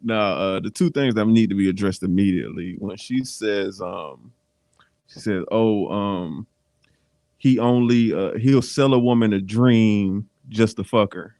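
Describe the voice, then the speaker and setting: A man co-hosting a casual podcast chat, animated and slangy, acting out quotes. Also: lowish voice, a little slow, dry recording, studio quality. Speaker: co-host.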